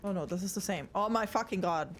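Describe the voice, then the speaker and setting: A woman's voice: medium pitch, fast, slight background noise. Chatty swearing woman streamer. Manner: chatty, swears often, talks to chat. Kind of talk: casual live gameplay chat.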